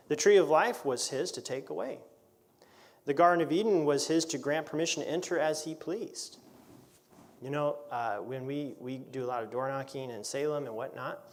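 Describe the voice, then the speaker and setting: A man who is a pastor, teaching an adult Bible class in a conversational way, asking rhetorical questions and reading scripture aloud. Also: fairly high pitch. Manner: reads scripture aloud in older English.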